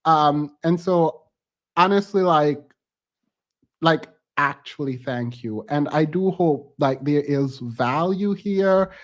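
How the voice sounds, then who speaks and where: A man hosting a live stream, touched and thankful, halting and close to tears as he signs off with casual talk. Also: fairly high pitch.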